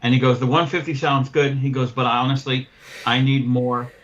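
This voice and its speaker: On a casual podcast, a window cleaner who hosts the show tells a long story about losing a cleaning client, animatedly acting out both sides of the conversation and swearing freely. His medium-pitched voice is brisk, and the audio is dull.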